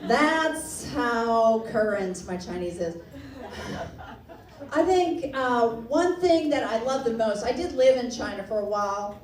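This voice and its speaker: A woman from Texas doing a stand-up comedy set, animated and self-mocking, breaking into laughter. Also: on the high side, slow. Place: comedy club stage before a laughing audience. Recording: roomy club sound, distant mic, loud crowd.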